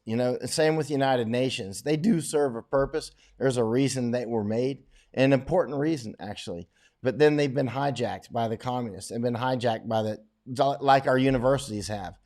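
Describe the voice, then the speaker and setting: Middle-aged male host, casual livestream Q&A, opinionated and rambling, mid-pitched everyday voice. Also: darkish tone. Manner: rambling, opinionated, frequent restarts. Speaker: host answering viewer questions.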